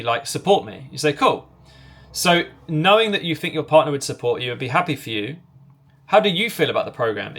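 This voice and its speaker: A man teaching sales technique in a direct, commanding way, voicing both the seller and the customer as he walks through a call. His voice sits a little higher than most men's. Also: fairly bright tone. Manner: acts out both sides of sales calls in quick back-and-forth. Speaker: sales coach. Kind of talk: instructional talk to camera.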